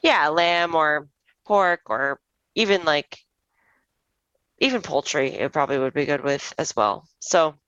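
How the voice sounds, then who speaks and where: A woman's voice: sits low, measured pace, long pauses, fairly bright tone, clear, resonant tone, dry recording, highs cut off. A young woman co-hosting a podcast, chatting casually and recommending a wine with lots of fillers. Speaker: podcast co-host.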